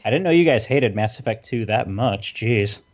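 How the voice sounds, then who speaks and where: A man's voice: mid-range voice, lively intonation, moderate pace, highs cut off, a little hiss or hum. A man co-hosting a casual podcast discussion, playful and teasing. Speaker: podcast co-host.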